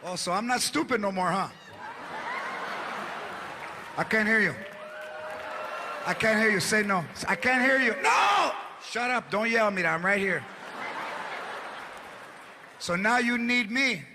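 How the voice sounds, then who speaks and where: A man's voice: high voice, expressive, unhurried, long pauses, a crowd in the background, noisy background. A man voicing an older aunt who taunts and scolds her sick husband, recorded live over audience laughter. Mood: scornful taunting. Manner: mocking, taunting, repeating herself. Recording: live stage mic, loud audience laughter.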